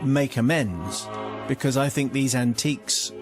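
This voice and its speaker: An English radio host reading out a listener's letter, telling it playfully and breaking off for jokey asides. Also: male voice, medium pitch, measured pace, music in the background.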